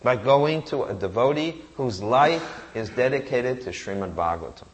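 A man's voice: mid-range voice, lively intonation, normal speed, slight background noise. A man giving a sermon, reciting Sanskrit verses and asking rhetorical questions that he answers himself. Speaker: preacher.

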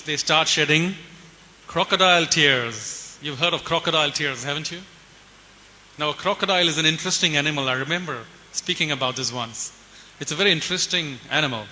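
Male preacher, storytelling sermon, very bright tone, reverberant hall, light hiss. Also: a little high. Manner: conversational, rhetorical questions to the audience.

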